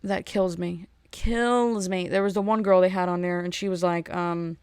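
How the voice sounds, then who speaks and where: A woman hosting a podcast, ranting in a casual, animated way and often restarting and repeating her words. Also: lowish voice, normal speed, few pauses, clean tone, dry recording, clean studio sound. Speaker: podcast host. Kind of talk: casual solo rant.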